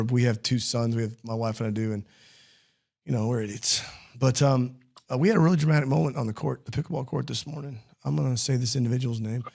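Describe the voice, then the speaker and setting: A man hosting a casual interview show, rambling and joking about himself. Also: medium pitch. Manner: rambling, joking, self-deprecating. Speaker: podcast host.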